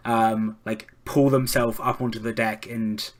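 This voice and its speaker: A man's voice: lowish voice, little pitch movement, measured pace. A man narrating a tabletop role-playing game as game master, with lots of hesitant likes and ums.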